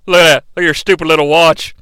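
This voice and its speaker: This is a crude, cocky tough guy, put on by a man who drawls his insults with plenty of swagger. The voice sits high and bright, and the tone is smooth. The recording is dry and close. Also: little pitch movement, fast, no room sound. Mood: taunting. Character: gruff brash male wrestler-turned-referee, profane.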